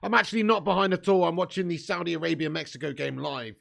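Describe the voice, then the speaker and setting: A young man hosting a live football watch-along, joking and swearing, breaking into shouts when chances come. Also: on the high side, fairly even intonation, fast, vocal fry. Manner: banter-filled, swearing, jokey, bursts into shouts at chances.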